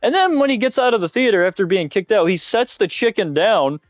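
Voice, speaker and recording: A man livestreaming a game in casual, excitable chat, giggling often and shouting catchphrases. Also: high voice, a little fast, dry recording, faint music behind. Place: at home, mom nearby.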